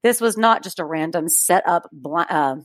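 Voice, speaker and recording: A podcast co-host with a somewhat low, expressive voice reads a true-crime story aloud at a normal speed, keeping the tone casual with chatty asides and laughter between facts. Close miking makes the sound dry, with no room sound.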